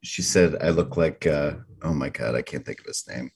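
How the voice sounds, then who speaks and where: Deep, husky deadpan man. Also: moderate pace. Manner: dry, deadpan quips. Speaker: podcast co-host. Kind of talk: casual chat.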